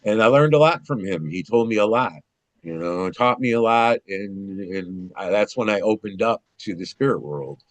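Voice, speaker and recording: A man telling personal stories in a casual conversation, rambling and animated, with frequent restarts and some swearing. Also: fairly low pitch, normal speed, no echo. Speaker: guest.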